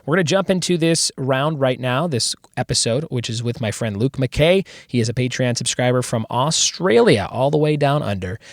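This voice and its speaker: A man hosting a podcast, his voice hoarse, chatting casually and upbeat with lots of fillers. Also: mid-range voice, lively intonation, normal speed, few pauses, no echo, clean studio sound. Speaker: podcast host. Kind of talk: casual chat.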